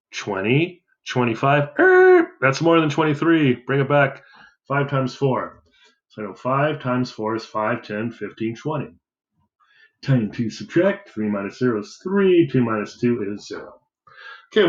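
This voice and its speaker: This worked-example math lesson comes from a man with a mid-range voice, recorded in an echoey room with the highs cut off. He casually talks himself through the counting in a division problem.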